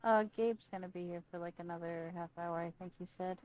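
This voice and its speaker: A woman's voice: on the low side, fairly even intonation, a little fast, a little mellow, slight background noise. A woman chatting in a roleplay, laid-back and a bit hesitant, on a dull, lo-fi mic. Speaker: roleplay player. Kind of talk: casual in-character roleplay chat.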